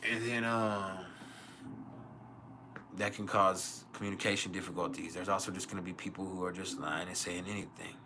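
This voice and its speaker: A man's voice: low voice, fairly even intonation, normal speed, pushed and bright, a little hiss or hum. A man hosting an astrology livestream, sleepy and rambling in casual chat, swearing often and laughing.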